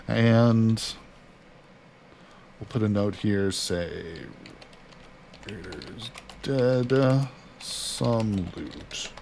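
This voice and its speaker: A gaming streamer with a low, creaky voice casually commentates his let's-play of a survival game, chatting to himself and to his character. A little hiss or hum sits in the background.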